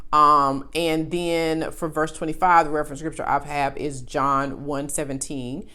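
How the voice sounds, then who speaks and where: A woman with a slightly low voice guides beginners through Bible study. She talks conversationally, often pausing with fillers and restarting her sentences. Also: little pitch movement, sharp tone. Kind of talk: casual teaching video.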